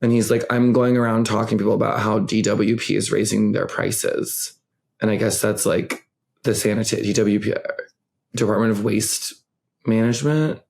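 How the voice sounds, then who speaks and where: Gravelly man telling a story. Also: on the low side, normal speed. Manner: storytelling, animated, laughs easily. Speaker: podcast co-host. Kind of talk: casual chat.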